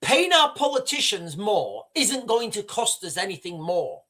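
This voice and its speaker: A middle-aged man holds forth on his livestream in a loose, profane, rambling way. His voice swoops animatedly between high and low as he drives his points home. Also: very animated, unhurried, sharp tone. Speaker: livestream host. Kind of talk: casual ranting commentary.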